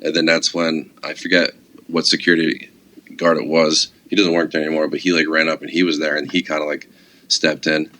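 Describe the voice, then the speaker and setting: Man, very deep voice, casual podcast guest, profane, rambling storyteller. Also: flat delivery, a little fast, bright, forceful tone. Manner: casual, profane, laid-back storytelling with many fillers. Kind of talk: casual chat.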